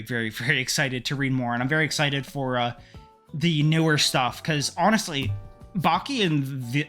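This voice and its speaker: Bright-voiced excitable man ranting. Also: a little high. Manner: excitable, swears freely, gets heated ranting. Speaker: manga collector vlogger. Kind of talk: casual haul vlog.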